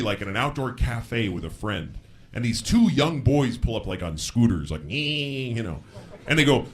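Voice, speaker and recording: A man doing a stand-up comedy routine on a stage before a live audience, telling frank stories and breaking into shouted impressions. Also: medium pitch. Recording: live show with audience laughter. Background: audience laughter.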